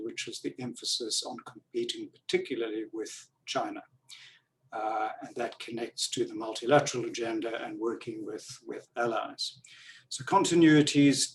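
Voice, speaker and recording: A man of middle pitch moderates an online panel discussion over a video call. He speaks in a measured, deliberate way, with frequent fillers and restarts. His voice sounds a little distant from the microphone. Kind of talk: webinar moderation. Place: Canberra, Australia.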